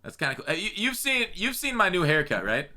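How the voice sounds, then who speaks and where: A man's voice: sits high, very animated, a little fast, bright, forceful tone. A man hosting a casual podcast, talking with many stumbling restarts. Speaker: podcast host.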